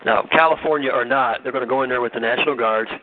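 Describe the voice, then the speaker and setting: A male radio host in fast, casual call-in chat, blunt and profane as he rambles along. His voice sits in the middle range. The sound is thin and narrow, as if heard down a phone line. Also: mid-range voice, slight background noise.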